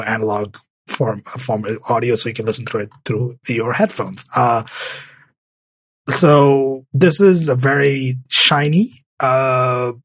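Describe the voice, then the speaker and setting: A man's voice: mid-range voice, breathy edge, no room sound. A man co-hosting a casual tech podcast, rambling with many restarts and fillers. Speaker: podcast co-host.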